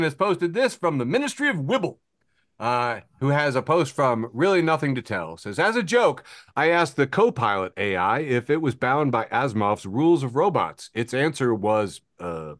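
Lively man hosting a podcast. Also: medium pitch, normal speed, no echo, studio quality. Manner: chuckles between readings. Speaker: podcast host. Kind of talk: casual chat reading social media posts aloud.

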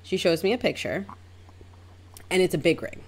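A young adult woman, a hairstylist, telling a story in a casual, chatty way, acting out both sides with big jumps in pitch. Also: animated, normal speed, breathy edge. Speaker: hairstylist and vlogger.

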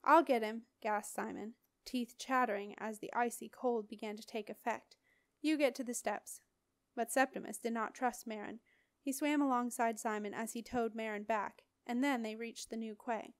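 A woman narrating an audiobook chapter in a steady, expressive storytelling voice. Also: fairly high pitch, moderate pace, clear, resonant tone, no echo, clean studio sound. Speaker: audiobook reader. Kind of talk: scripted narration.

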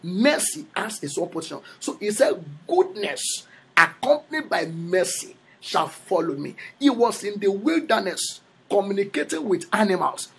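A man's voice: high-pitched, very animated, moderate pace, vocal fry, breathy edge. A man with a Yoruba accent preaching a sermon as a prophet, repeating phrases for emphasis.

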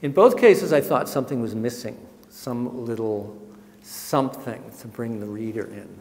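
A man's voice: mid-range voice, normal speed, darkish tone. Reflective male author in a reverberant hall. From Massachusetts, USA. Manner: reflective, wry, with frequent ums. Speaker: author giving a talk. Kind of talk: public talk with a reading.

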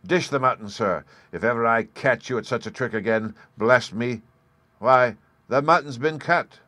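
A greedy, bullying brother, as a man puts him on, loud and raised in pitch. He snaps out orders and scolds harshly. A storybook villain read in a dry room. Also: normal speed, no echo, lightly acted. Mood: scolding.

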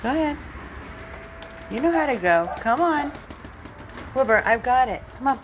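A woman hosting a casual live stream from her dog rescue, using gentle baby talk with her dog and chatting with viewers. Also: high-pitched, animated, moderate pace, noisy background. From Florida. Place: home with dogs, indoors and out.

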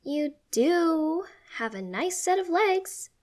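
A woman's voice: very high voice, very animated, takes it slowly, pitched above the performer's own voice, exaggerated voice. A woman voicing a cheerful, caring teenage girl who fusses over her sibling in a read-aloud story. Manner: bright, eager, fussing. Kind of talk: storybook reading.

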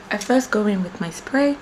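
Brief: young female vlogger, playful and chatty, camera mic at home, mid pitch, faint background hum. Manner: chatty and playful, talking straight to viewers. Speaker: beauty and lifestyle vlogger. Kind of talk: casual behind-the-scenes vlog. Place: at home, among her filming lights.

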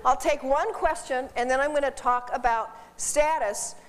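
High-voiced chatty woman in echoey hall. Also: moderate pace. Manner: chatty, animated, laughs often, repeats words. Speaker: dog behavior consultant. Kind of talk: informal seminar talk. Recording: distant voice in a reverberant hall.

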